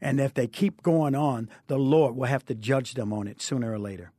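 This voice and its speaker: A man's voice: medium pitch, normal speed, mellow, dry recording, studio quality. A man who is a preacher, telling his testimony earnestly in an interview, with a fervent storytelling delivery. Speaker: preacher guest.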